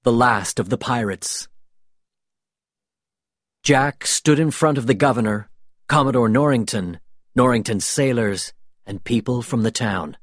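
A man narrating a storybook in a slow, expressive reading voice. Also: mid-range voice, dry recording, clean studio sound.

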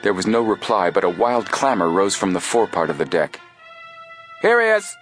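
Low-voiced guy reading an adventure audiobook, steady, faint music under it. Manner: steady, measured storytelling. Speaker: audiobook narrator. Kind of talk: scripted narration.

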